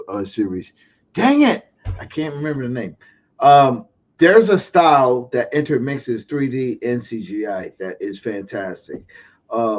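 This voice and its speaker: A man co-hosting a podcast in casual group chat, excitable and searching for words, with animated outbursts. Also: medium pitch. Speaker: podcast co-host. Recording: dull lo-fi sound.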